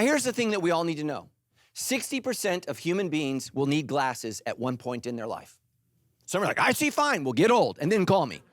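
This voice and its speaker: A middle-aged male pastor preaching a sermon in an animated, joking way, acting out little voices. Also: high-pitched, no room sound, studio quality. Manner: animated, jokey, acts out voices.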